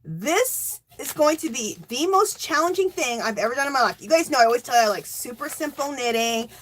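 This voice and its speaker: A middle-aged woman hosting a casual livestream, emotional and teary, thanking viewers by name and cheering with loud whoops. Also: high-pitched, expressive, a little fast, slight background noise. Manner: thanks donors warmly by name. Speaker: livestream host.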